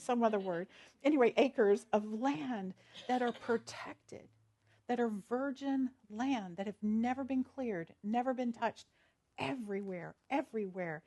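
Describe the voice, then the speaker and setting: A woman's voice: a little high, darkish tone. A woman minister, giving a chatty, storytelling sermon and laughing easily. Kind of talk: conversational sermon.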